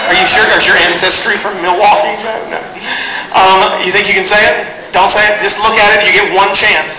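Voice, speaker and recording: A man's voice: high-pitched, very noisy. A male performer joking and teasing with a live audience between songs, speaking into a stage microphone. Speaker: performer and bandleader. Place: live concert hall. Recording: echoey concert hall, loud crowd.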